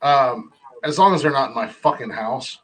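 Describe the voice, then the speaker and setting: A man's voice: mid-range voice, animated, moderate pace, background noise. A man co-hosting a podcast in casual chat, blunt and swearing, chuckling through his stories. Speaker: podcast co-host.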